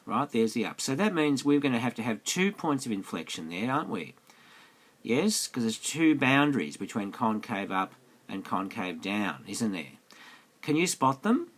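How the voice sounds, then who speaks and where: A man's voice: fairly low pitch, fairly bright tone. A man teaching maths in a screencast lesson, chatty and coaxing, throwing many questions at the viewer. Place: indoors, voice-over on a tablet screencast.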